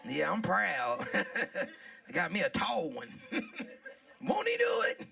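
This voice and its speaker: Woman, comedy host, bright tense voice, mic a bit far off. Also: mid-range voice, huge pitch swings, slow pace, vocal fry. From Southern United States. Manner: loud, playful, laughing, talks to the crowd. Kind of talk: live stand-up hosting. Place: live comedy show venue.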